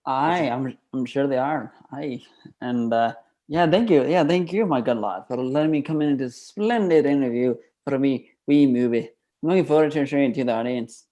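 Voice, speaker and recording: A man's voice: medium pitch, normal speed, dark tone, natural voice. A man improvising a folksy, forgetful film director with a put-on Scottish accent and a rambling manner. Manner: rambling, fond of calling people laddie. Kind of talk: improv comedy.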